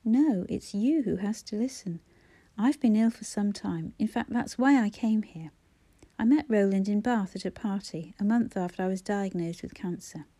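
A woman reading a frail, dying woman, soft. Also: medium pitch, normal speed, no room sound, close to an everyday voice. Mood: resolute. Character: frail dying woman, tender and calmly resigned.

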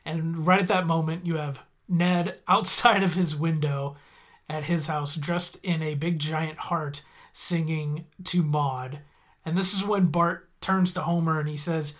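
A man's voice: a little high, steady tone, measured pace. A man hosting a podcast who chats casually through an episode recap, wandering off on tangents and correcting himself as he goes. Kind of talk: casual chat.

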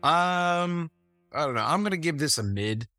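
A man's voice: on the high side, normal speed, soft background music. A man co-hosting a podcast, chatting casually and laughing often as he recaps old wrestling episodes. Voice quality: laughs often, wry and relaxed. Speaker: podcast co-host.

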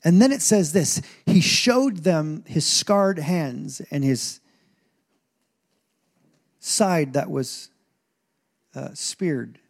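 A man who is a pastor, preaching a sermon in an animated way with asides and rising intensity. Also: a little high, drawn-out words, creaky, long pauses. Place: church stage.

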